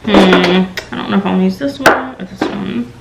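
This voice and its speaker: A woman's voice: vocal fry, very noisy. A young woman from the American South with a light Southern accent, casually reviewing a TV episode in a rambling way with many fillers. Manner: rambling, filler-heavy, slow and low-key. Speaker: TV show reviewer.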